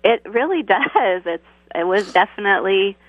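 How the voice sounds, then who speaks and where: A woman calling into a radio show, soft and agreeable, murmuring assent often, heard over a phone line. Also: medium pitch, animated, moderate pace, a crowd in the background. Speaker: caller. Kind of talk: phone-in conversation.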